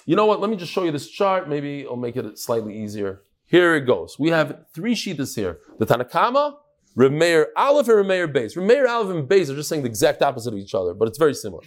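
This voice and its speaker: Animated man teaching Talmud. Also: a little high, fast. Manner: animated, acts out quotes, swings between loud and soft. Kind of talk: classroom Gemara lesson.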